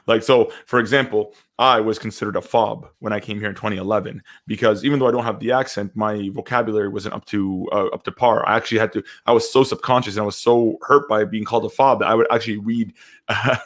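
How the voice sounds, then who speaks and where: Young male podcast co-host, low-leaning voice, candid and rambling, casual chat. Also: fairly even intonation, fast, a bit bright.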